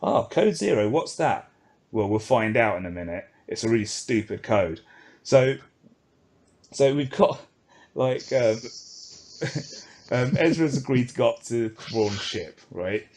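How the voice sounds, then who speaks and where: Slow and pausing often, a man with a mid-range voice goes over an episode with his podcast co-host. His casual recap is lively, and he voices the characters' lines as he tells it.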